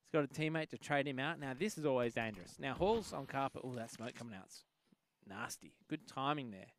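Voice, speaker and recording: A man's voice: medium pitch, expressive, fairly quick. A man giving live esports commentary, playful and full of jokes. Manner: jokey, playful banter. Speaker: esports caster.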